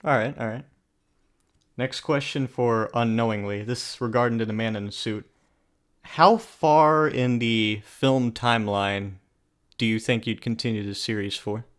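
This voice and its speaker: A man hosting a casual interview show, asking guests questions in a relaxed, self-deprecating way. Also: mid-range voice, measured pace. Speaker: host.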